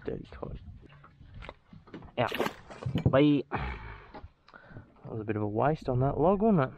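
A guy in his twenties gives a slow, unhurried running commentary on his fishing trip, his pitch jumping all over as he gets excited. He swears freely and mutters to himself, recorded outdoors by the water on an action camera with faint background noise. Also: vocal fry, muffled recording. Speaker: fishing vlogger.

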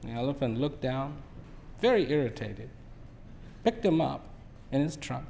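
A man in his fifties giving a speech to an audience, telling a fable in a relaxed storyteller's manner. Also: medium pitch, unhurried, vocal fry, pauses often, slight background noise. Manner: relaxed storyteller, acts out animals. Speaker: invited speaker.

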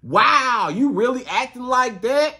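A man's voice: extremely high pitch, animated, slow, sharp tone, exaggerated voice. A man acting out a pleading boyfriend who whines and begs for a hug. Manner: whiny, wheedling questions. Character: pleading boyfriend begging for affection.

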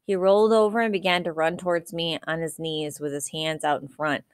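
A woman reading a novel aloud in a steady, even storytelling manner. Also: low voice, brisk, smooth, no room sound, studio quality. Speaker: audiobook reader.

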